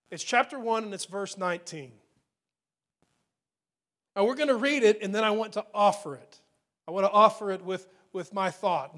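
A middle-aged male pastor delivers a sermon in a fairly high voice. He speaks earnestly, and he repeats his key phrases and slows right down to press on single words of scripture. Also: fairly bright tone.

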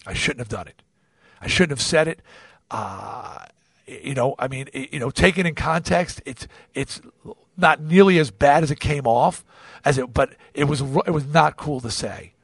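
A man hosting a podcast, telling a personal story in an animated way, often restarting and repeating words. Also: on the high side, moderate pace, vocal fry, husky, no room sound, studio quality. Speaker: podcast host. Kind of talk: confessional storytelling.

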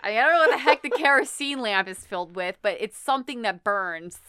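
Brief: young woman, podcast co-host, smooth voice, animated recap. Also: fairly high pitch, no echo, studio quality. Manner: animated storytelling with quick acted-out quotes and laughs. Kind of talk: casual chat.

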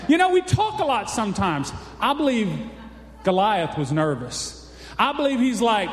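High, lively preacher man. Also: moderate pace. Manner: folksy, exclamatory, keeps asking "Amen?". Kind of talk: sermon. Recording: echoey hall reverb.

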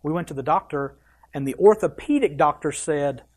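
A man's voice: a little high, normal speed. A man preaching a sermon as a pastor, speaking straight to the congregation with questions and strong emphasis. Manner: emphatic preaching with wide swings in loudness and pace; addresses the congregation directly with questions.

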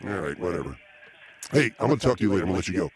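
Brief: lower-voiced male host, dry, meandering, quick to get exasperated. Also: expressive, slightly rough. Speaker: podcast host. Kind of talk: casual live podcast chat.

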